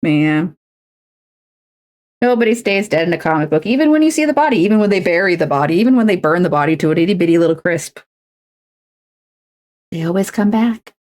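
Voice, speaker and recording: A woman's voice: fairly low pitch, expressive, a little fast, pauses often, darkish tone. A woman livestreaming, chatting casually while crafting, rambling and self-deprecating with frequent restarts.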